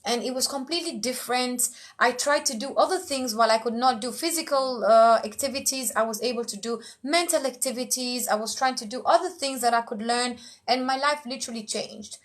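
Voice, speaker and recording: A woman emcee giving motivational life tips in casual talk, frank and animated, sometimes acting out quoted voices. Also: on the high side, brisk, few pauses. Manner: frank, blunt, lightly profane.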